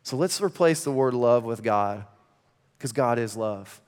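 A man preaching a sermon in church, conversational and energetic with laughing asides. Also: medium pitch, a little slow, clean tone. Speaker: pastor. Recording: long reverb of a large hall.

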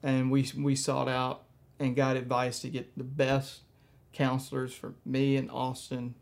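A man pastor telling a personal story in a church message, soft-spoken and halting, with frequent fillers. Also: medium pitch, monotone, gravelly.

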